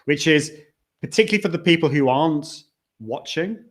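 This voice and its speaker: A talkative man hosting a live stream, his voice sitting a little high for a man. He chats loosely with his guest, trips over the start of sentences, and reads viewer comments aloud. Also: expressive, moderate pace. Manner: chatty, restarts, reads out comments. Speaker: host.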